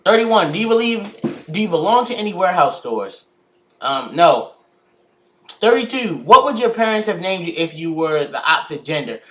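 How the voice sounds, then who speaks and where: An American teenage YouTuber with a fairly high, sharp voice and big pitch swings chats casually to his viewers in a vlog. He reads each question aloud, then answers with plenty of hesitant pauses.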